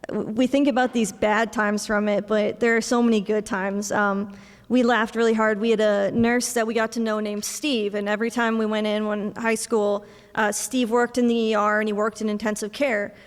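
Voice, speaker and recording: Young woman, memorial speech, storytelling with soft laughs, fairly high voice, long hall reverb. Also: level tone, moderate pace. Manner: storytelling with soft laughs, acting out family dialogue. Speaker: eulogy speaker, daughter of the deceased.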